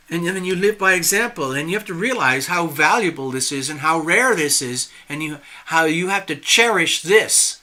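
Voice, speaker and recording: A man's voice: a little high, lively intonation, normal speed, hardly any pauses, sharp tone. A man giving a tarot reading on a live stream, earnest and reassuring, often checking in with the listener. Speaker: tarot reader.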